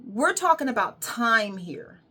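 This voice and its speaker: A woman's voice: on the high side, sing-song, measured pace, sharp tone, husky. A woman wellness coach giving an emphatic, repetitive motivational monologue with casual swearing.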